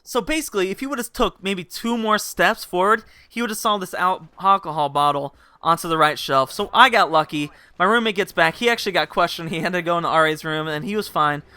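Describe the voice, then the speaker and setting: A man's voice: high-pitched, brisk, hardly any pauses, sharp tone, clear, resonant tone, no room sound. A young man telling a rambling, casual story to his viewers and laughing at himself. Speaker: vlogger.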